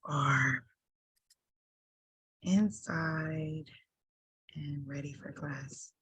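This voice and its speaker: A woman's voice: deep voice, steady tone, drawn-out words, fairly bright tone, husky, no room sound. A woman hosting a mentorship program on a video call, chatting enthusiastically with her guest and laughing often. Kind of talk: casual chat with guest.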